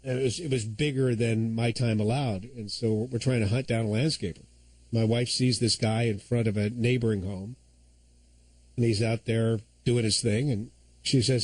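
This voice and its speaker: A man's voice: medium pitch, moderate pace, darkish tone, no echo, poor audio. Opinionated male talk radio host. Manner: opinionated, conversational storytelling.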